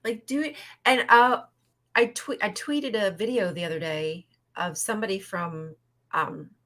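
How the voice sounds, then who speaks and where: A woman's voice: medium pitch, unhurried, a bit bright. A woman co-hosting a casual live-stream chat, sarcastic and chatty, swearing freely.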